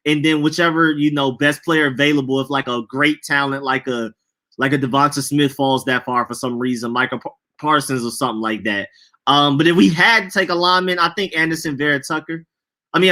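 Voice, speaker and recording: Young guy talking football on his podcast, bright tone, says bro a lot. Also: fairly high pitch. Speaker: podcast host reading chat. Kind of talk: casual sports chat.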